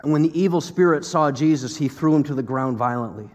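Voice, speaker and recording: A man's voice: on the high side, fast, in a large hall, dull audio. An American man preaching a sermon to a congregation, talking conversationally with fillers and acting out quotes. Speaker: pastor.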